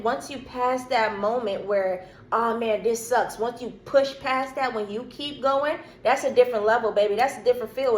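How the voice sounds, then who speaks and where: A woman giving a casual tarot reading to her viewers, blunt and streetwise, cursing freely. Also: on the high side. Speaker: tarot reader. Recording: echoey room with faint background noise.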